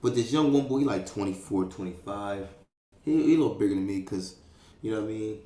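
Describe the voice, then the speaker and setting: A man's voice: fairly low pitch, quick pace. Streetwise man telling a story in an echoey room. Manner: streetwise, profane, animated, fillers like "you know what I mean". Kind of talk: casual storytelling.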